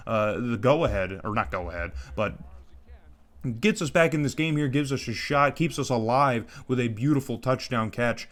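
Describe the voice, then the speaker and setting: A man casually calling play-by-play over his own football video game, excitable, tripping over names and tacking "man" onto his lines. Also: medium pitch, normal speed. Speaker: gaming YouTuber commentating his own franchise game.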